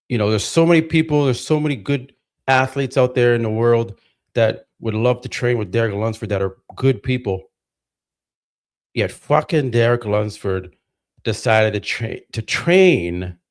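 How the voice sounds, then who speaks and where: A man's voice: on the low side, moderate pace. A man hosting a livestream, ranting heatedly with lots of swearing and repeated words. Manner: heated, profane, repeats himself. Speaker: livestream host. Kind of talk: casual ranting commentary.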